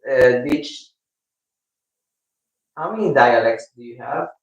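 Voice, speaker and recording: A man with a Filipino accent hosting a casual live stream, chatting with viewers in a rambling, halting way. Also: mid-range voice, animated. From Philippines. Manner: rambling, halting, with many restarts. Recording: echoey room, mic at a distance.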